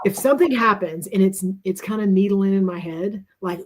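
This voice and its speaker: A woman's voice: mid-range voice, lively intonation, moderate pace, darkish tone, slightly rough. A woman co-hosting a live stream, giving relationship advice in emphatic, repetitive casual talk. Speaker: co-host of a live show.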